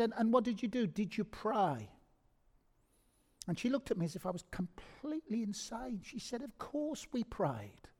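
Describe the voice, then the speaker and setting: A man's voice: on the high side, darkish tone. A middle-aged man preaching a sermon in an earnest, conversational way, repeating words and asking rhetorical questions. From England. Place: church hall. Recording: long reverb of a church hall.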